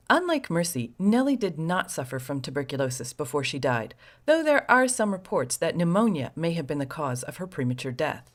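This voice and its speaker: A woman host narrating a scripted story with sardonic, wry asides to the listener. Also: sits low.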